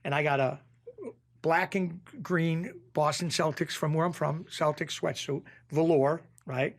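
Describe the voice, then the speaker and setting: A man's voice: fairly high pitch, steady tone, a little slow, gravelly. A man spins casual anecdotes, jumping into the voices of the people he quotes. His voice sits a bit above the usual male range. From Springfield, Massachusetts. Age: 50s. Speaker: guest. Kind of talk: casual storytelling.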